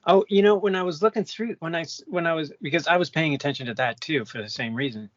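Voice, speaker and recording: A man's voice: on the high side, quick pace, dry recording, muffled recording. A man co-hosting a casual movie podcast, enthusiastic and chuckling, often restarting his sentences. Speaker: podcast co-host.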